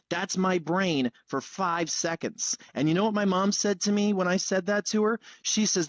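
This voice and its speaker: A man's voice: sits high, moderate pace, few pauses, a bit bright, dull audio. A man, hosting a podcast and telling a personal story candidly, with casual swearing. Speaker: podcast host.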